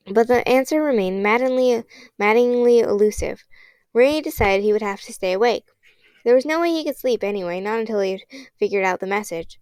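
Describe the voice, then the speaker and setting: A woman narrating a children's novel as an audiobook, reading in a steady, expressive way. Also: fairly high pitch, brisk, clean tone, dry recording. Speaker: audiobook reader.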